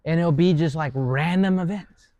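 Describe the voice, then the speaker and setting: A man's voice: a little high, normal speed, warm tone, no echo, lo-fi sound. A man co-hosting a podcast, telling faith stories in an earnest, casual way with many fillers. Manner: storytelling, earnest, filler-heavy. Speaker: podcast co-host.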